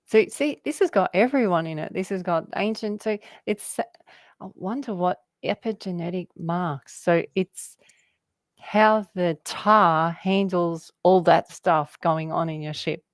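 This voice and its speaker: A woman's voice: fairly low pitch, a little slow, no room sound. A woman talking casually about spirituality, rambling and laughing often as she jumps between word associations. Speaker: guest.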